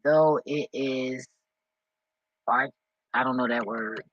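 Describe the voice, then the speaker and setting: Man, vlogger, unscripted reaction, excitable, slow-spoken, dry close sound. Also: mid-range voice, dry recording, highs cut off. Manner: rambling, excitable, swears often.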